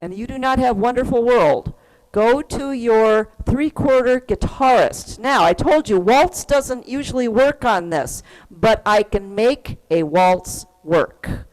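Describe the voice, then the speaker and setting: A woman's voice: a little high, lively intonation, slow pace, a little mellow. A woman teaching an online keyboard class, patiently explaining rhythm and counting beats aloud. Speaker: music teacher. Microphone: computer mic on a video call.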